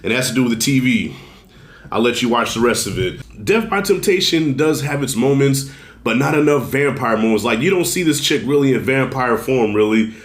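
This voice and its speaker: Male film reviewer, relaxed chatty delivery, a little under the weather, roomy echo on the voice. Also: medium pitch, brisk. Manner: loose and conversational, swears, addresses viewers as y'all. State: fighting a cold, clears throat. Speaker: movie reviewer. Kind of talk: casual spoken film review.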